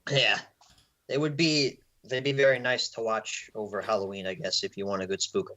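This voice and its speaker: A man's voice: fairly low pitch, steady tone, normal speed, pushed and bright. A man co-hosting a casual podcast chat, laid-back and prone to stumbling restarts. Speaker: podcast co-host.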